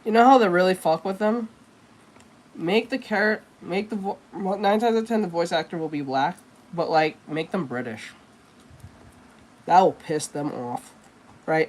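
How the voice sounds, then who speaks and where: A woman artist streams while drawing, chatting casually in a low, slightly mellow voice at a moderate pace. She rambles, speaks bluntly and swears plenty.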